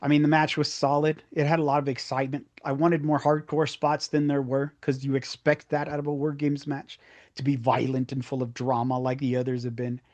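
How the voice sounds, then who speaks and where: A man's voice: mid-range voice, little pitch movement, fairly quick, darkish tone, lo-fi sound. A man with a mid-range voice leads a casual podcast chat. He talks agreeably and moves the group from one segment to the next. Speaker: podcast host. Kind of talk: casual wrestling review chat.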